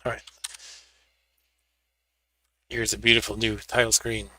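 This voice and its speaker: A man's voice: lowish voice, little pitch movement, a little slow, pushed and bright, a little hiss or hum. A man hosting a live gaming stream, chatting casually and narrating each step as he sets up and plays. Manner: chatty, narrates his own setup steps. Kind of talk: casual gameplay commentary.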